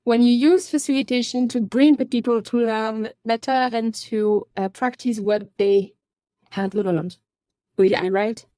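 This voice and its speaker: A woman's voice: a little high, steady tone, unhurried, mellow, dry recording. A woman hosting a podcast interview, asking questions carefully and searching for her words. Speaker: podcast host.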